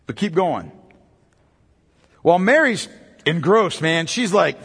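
A man's voice: a little high, big pitch swings, measured pace, pauses often, fairly bright tone, husky, big-room sound. A pastor preaching a sermon, driving his points home through repetition and rhetorical questions.

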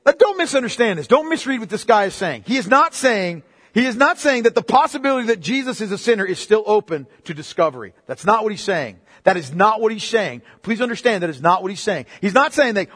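A man's voice: sits high, sing-song, a little fast, a bit bright, slightly rough. A man preaching a sermon, emphatic and casual, repeating his phrases, recorded in a church hall. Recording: long reverb of a hall.

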